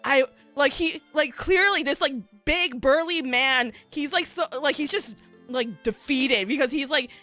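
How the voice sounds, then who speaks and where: A woman VTuber telling stories in casual chat, animated and full of fillers, acting out the people in them. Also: sits high, measured pace, faint music behind. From United States. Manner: animated, filler-heavy, acts out voices in stories. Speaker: VTuber streamer.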